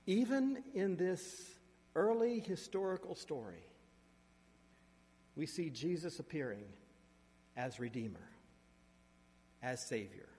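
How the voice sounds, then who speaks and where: A man preaching a sermon, reading scripture aloud and adding asides, with sharp shifts in loudness and emphasis. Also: fairly high pitch, lively intonation, slow pace, pauses often, husky. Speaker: pastor. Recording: long reverb of a large hall.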